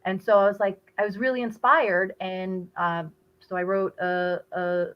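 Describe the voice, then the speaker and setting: A woman's voice: medium pitch, level tone, normal speed, lo-fi sound. A woman guest, an actress, answering interview questions in a chatty, slightly hesitant way.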